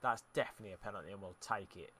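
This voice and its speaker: A young man from the UK gives casual commentary while streaming a football game, reacting to the match and replying to chat as he describes the gameplay. He talks rapid-fire in a fairly low voice with a sharp tone.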